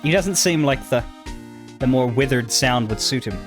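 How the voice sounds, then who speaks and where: A man chatting casually between scenes of a game he is voicing, his pitch moving around a lot. He restarts sentences and corrects himself as he thinks aloud. There is clear music playing behind him. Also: expressive, moderate pace. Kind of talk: casual commentary during a playthrough.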